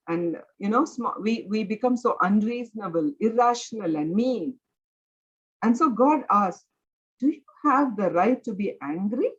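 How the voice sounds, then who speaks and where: A woman leads a Bible study, talking earnestly and conversationally, with many filler words along the way. Her pitch moves a great deal and her voice has a slightly husky edge. The recording sounds dull and lo-fi.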